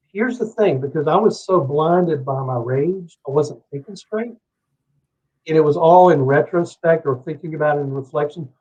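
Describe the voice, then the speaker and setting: A man's voice: on the high side, a little mellow. A middle-aged man from Savannah, Georgia, telling a long, heated story as a podcast guest, swearing freely and rambling between asides. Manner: profane, heated, rambling anecdote. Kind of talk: casual storytelling. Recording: dull lo-fi podcast audio.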